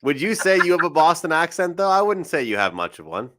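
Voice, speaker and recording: An upbeat Canadian man with a Canadian accent chats as a podcast guest. His voice sounds bright and forceful, and he laughs easily as he talks. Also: fairly high pitch, very animated, fast, slight background noise. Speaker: guest sports handicapper. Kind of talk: casual podcast chat.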